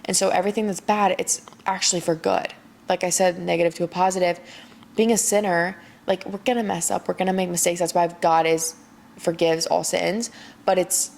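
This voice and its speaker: A woman's voice: lowish voice, steady tone, a little fast, gravelly, darkish tone, a little hiss or hum. A young woman hosting her own podcast, chatting casually and encouragingly about faith, tired late at night and leaning on "like" a lot. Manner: faith-driven motivational talk, heavy use of "like". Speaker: podcast host. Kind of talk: casual solo podcast chat.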